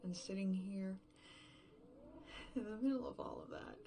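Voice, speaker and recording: An actress playing a lonely, grieving woman in an audio drama, speaking in halting, hushed fragments. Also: medium pitch, wildly swooping pitch, gravelly, a little hiss or hum. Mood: bleak. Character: lonely grieving woman, bitter and self-mocking.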